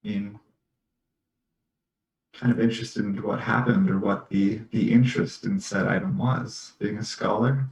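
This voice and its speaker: A man playing a tabletop game, speaking in character with measured, scholarly phrasing. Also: lowish voice, fairly even intonation, darkish tone, recorded from a distance. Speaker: player. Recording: echoey room away from the mic.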